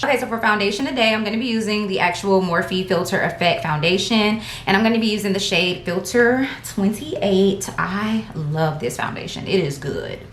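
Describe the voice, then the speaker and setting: A woman's voice: mid-range voice, a bit bright, reverberant, a little hiss or hum. A woman beauty vlogger, chatting casually and slangily to her viewers at home. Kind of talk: casual get-ready-with-me chat.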